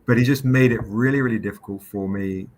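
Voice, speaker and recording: A man hosting a livestream, telling a story with lively quoted voices. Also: on the low side, quick pace. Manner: animated anecdote with quoted voices. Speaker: comic publisher hosting a livestream. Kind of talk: casual storytelling chat.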